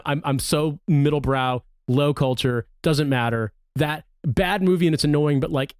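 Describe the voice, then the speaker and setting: A man in his thirties co-hosting a podcast in casual chat, telling stories with lively impressions and some swearing. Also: on the high side, moderate pace, clear, resonant tone, no room sound, studio quality. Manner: animated storyteller, swears, mimics movie lines. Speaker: podcast co-host.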